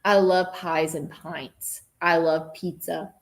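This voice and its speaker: A woman's voice: lowish voice, fairly even intonation, slow pace. Young woman anchor, loose and giggly, rambling chatter between segments. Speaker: news anchor. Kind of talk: casual off-air banter.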